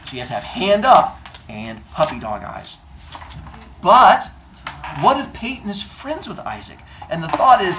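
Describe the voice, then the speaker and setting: A male teacher addressing his class with deadpan humor, playful and mock-stern, acting out his students as he goes. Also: fairly high pitch, background noise.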